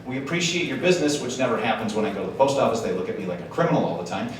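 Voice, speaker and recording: Speaking very fast in a lowish voice, this conference speaker from Wisconsin, USA, keeps his speech to a live audience casual, chatty, and full of jokes and slang. Background noise accompanies him, and the big hall's echo comes through a distant mic.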